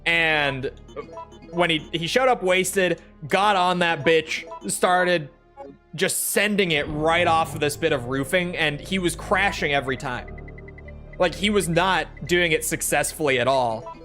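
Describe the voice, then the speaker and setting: A man's voice: fairly high pitch, a little slow, bright, forceful tone, soft background music. A young man from Minnesota, streaming a game from his room and chatting with viewers in a rambling, profane, joking way. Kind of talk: casual chat with viewers while gaming.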